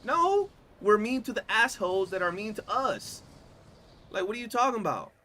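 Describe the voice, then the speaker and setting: A young man livestreaming a game, talking in a loose, animated, slangy way and swearing often. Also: sits high, normal speed, slight background noise. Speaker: streamer. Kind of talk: casual gaming livestream chat.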